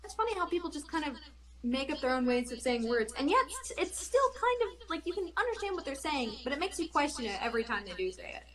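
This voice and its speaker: Chatty woman with a slightly high voice. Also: big pitch swings, fast talker, fairly bright tone. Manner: chatty, rambling storytelling. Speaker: podcast guest artist. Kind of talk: casual chat. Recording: echoey room.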